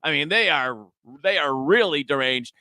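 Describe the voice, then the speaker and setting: A man hosting a casual talk show, his voice sitting notably high for a man. He rambles along chattily, backing up and restarting his sentences. The sound is dry and close, with no room echo. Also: lively intonation, normal speed, pushed and bright.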